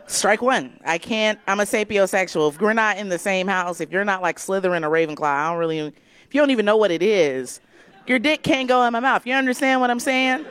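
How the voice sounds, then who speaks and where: A woman from Georgia delivers raunchy stand-up comedy, brash and unfiltered. She laughs through her punchlines. Her voice sits in an ordinary middle pitch. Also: fairly quick, a bit bright, clear, resonant tone. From Decatur, Georgia, USA.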